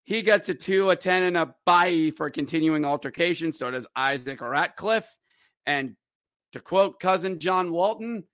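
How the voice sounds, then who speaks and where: A man hosting his own hockey podcast, recapping games in an animated, joking way and breaking into loud shouts. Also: fairly high pitch, a little slow, dry recording, studio quality. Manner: excitable, jokey, acts out players' voices with sudden loud shouts. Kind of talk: animated solo sports recap.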